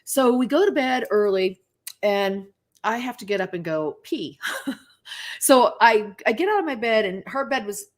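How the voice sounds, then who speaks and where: A woman guest on a talk show who tells stories in a casual, animated way and acts out the voices of people she quotes. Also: a little high, moderate pace. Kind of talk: casual interview storytelling.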